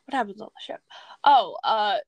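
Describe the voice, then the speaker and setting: A young woman retelling a movie in a casual chat, excitable and rambling, laughing often. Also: mid-range voice, normal speed, dry recording.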